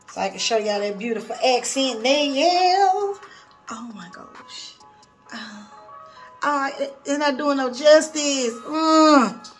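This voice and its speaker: A woman with a high voice chats through a beauty haul while seated at her home bathroom vanity. She gushes over each item and keeps calling the viewers y'all. A faint music bed plays underneath. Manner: chatty, gushing, keeps addressing viewers as y'all. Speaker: beauty vlogger reviewing a nail haul. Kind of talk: casual haul video chat.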